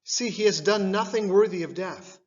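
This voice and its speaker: A man reading the part of a stern, weary Roman governor in a church scripture reading, his delivery measured and questioning. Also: high voice, big-room sound, dull audio, pitched above the performer's own voice, close to an everyday voice. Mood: insistent.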